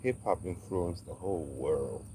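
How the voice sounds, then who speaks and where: A man with a very low, deep voice talks on a casual livestream from an outdoor yard while tending chickens. He riffs in an animated, preachy way and drops street slang. Faint roosters and insects sit behind him. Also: normal speed, a little hiss or hum. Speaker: livestream host on a farm.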